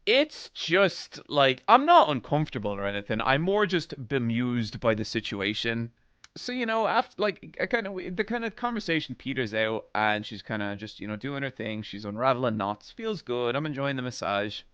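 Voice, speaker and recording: A man streaming live, telling a funny story to his chat in a casual, animated way, laughing and quoting others. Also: mid-range voice, moderate pace, clean tone, no room sound, highs cut off. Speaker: streamer host.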